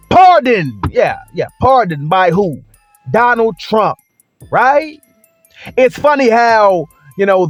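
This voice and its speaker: Guy w a high voice ranting sarcastically on his vlog, keeps asking "right?", dry sound, bit of music under it. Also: no room sound. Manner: sarcastic, rhetorical questions, emphatic repetition. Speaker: commentary vlogger. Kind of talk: opinion commentary rant.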